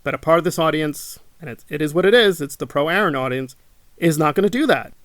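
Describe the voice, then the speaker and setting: A man's voice: on the high side, animated, brisk, fairly bright tone, dry recording. A man hosting his own channel, talking indignantly to camera, repeating his points and mocking his critics. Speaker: channel host. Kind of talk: monologue to camera.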